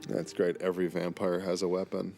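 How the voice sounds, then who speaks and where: Brief: deep, gravelly-voiced man, relaxed and enthusiastic DVD commentary. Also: fairly quick, faint music behind. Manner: relaxed, enthusiastic, chatty with fillers. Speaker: episode writer giving DVD commentary.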